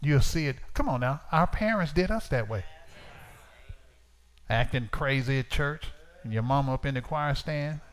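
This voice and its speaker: A man's voice: medium pitch, expressive, normal speed. A man preaching a sermon, telling a personal story in plain informal speech and acting out conversations with a lifted voice. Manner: storytelling, acts out dialogue in raised voice. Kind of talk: sermon testimony.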